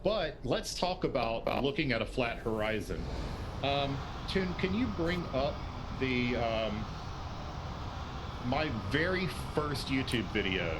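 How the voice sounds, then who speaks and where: A man's voice: medium pitch, very animated, takes it slowly, noisy background. A man arguing in a livestreamed debate, methodical with frequent fillers. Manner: methodical, filler-heavy rebuttal. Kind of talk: live debate argument.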